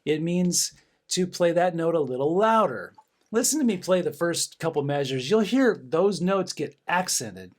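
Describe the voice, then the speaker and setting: Speaking in a fairly high voice, a middle-aged man runs a band lesson in an animated but unhurried way. As band director, he demonstrates for students, cheers them on in bursts, and counts the rhythms aloud.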